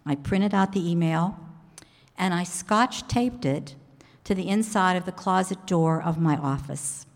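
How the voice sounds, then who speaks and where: Woman pastor, low-pitched, unhurried sermon storytelling; long church reverb. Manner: measured storytelling with pauses. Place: church sanctuary. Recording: echoey hall reverb.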